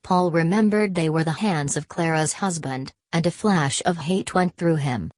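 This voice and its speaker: A woman narrating a classic novel as an audiobook in a steady, measured way. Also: low-pitched, dry recording. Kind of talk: novel reading.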